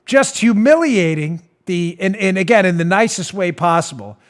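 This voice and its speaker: Male commentary host with a slightly high voice. Sarcastic and mocking, on a studio mic. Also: lively intonation, normal speed. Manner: sarcastic, mocking, laughs at his own jabs. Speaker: political talk show host. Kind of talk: opinionated commentary.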